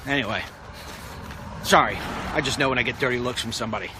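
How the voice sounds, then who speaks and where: A man's voice: mid-range voice, fast talker, background noise. A middle-aged man giving a rambling, confident walk-and-talk vlog commentary outdoors on a street, recorded on a handheld phone. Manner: rambling, confident, talks to the president directly. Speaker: political vlogger.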